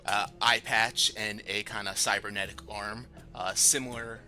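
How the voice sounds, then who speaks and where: A man narrating as game master of a tabletop game, rambling with many pauses. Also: on the low side, steady tone, pushed and bright. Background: music.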